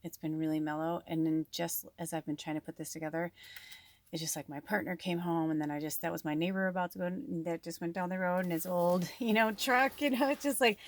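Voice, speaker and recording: A woman's voice: lowish voice, steady tone, fairly quick. A woman giving a casual spiritual card reading in a rambling, chatty way, full of fillers, recorded at home on a farm. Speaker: tarot and oracle card reader.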